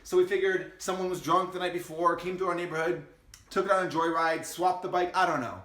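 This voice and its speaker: Young man, animated storyteller, profane, slightly high voice, echoey room. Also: brisk, a little hiss or hum. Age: young adult. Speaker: vlogger and insurance agency owner. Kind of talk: casual storytelling to camera. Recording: roomy echo.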